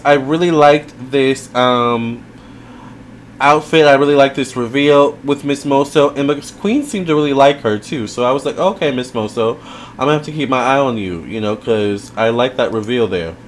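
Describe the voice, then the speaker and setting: A man's voice: mid-range voice, a little hiss or hum. A man giving a casual video review, chatty and rambling, with lots of fillers and side remarks. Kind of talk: casual commentary.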